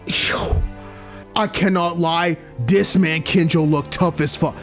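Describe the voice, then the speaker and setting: A young man commentating on a story game, reacting loudly with slang and swearing. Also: on the high side, steady tone, slow, over music. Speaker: gaming YouTuber. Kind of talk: let's play commentary.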